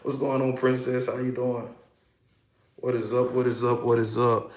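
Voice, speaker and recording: A man's voice: medium pitch, flat delivery, normal speed, roomy sound. A man, a hypnotherapist, hosting a casual livestream, talking animatedly and greeting viewers by name.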